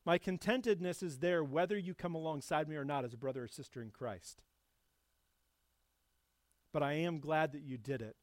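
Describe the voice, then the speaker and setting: A male pastor preaching a sermon, rising to loud emphatic passages and dropping back to soft, low reflection. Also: normal speed, pauses often, no echo.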